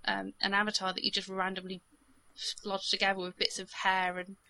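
A woman's voice: medium pitch, monotone, moderate pace, gravelly, bright, forceful tone. A young woman co-hosting a casual gaming podcast, chatty and full of fillers, laughing often. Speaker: podcast co-host.

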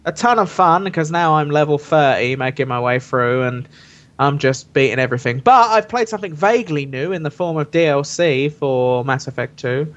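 Host for a casual gaming podcast, relaxed man, a bit higher voice, muffled lo-fi sound. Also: normal speed. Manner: relaxed, steers the conversation. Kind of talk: casual chat about video games. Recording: dull lo-fi recording.

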